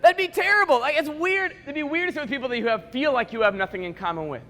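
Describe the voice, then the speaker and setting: High, bright-voiced male speaker in a reverberant hall. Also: a little hiss or hum. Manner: playful, joking storyteller acting out quick dialogue. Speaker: motivational speaker. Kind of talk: school assembly speech. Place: large school assembly hall. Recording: echoey hall with long reverb.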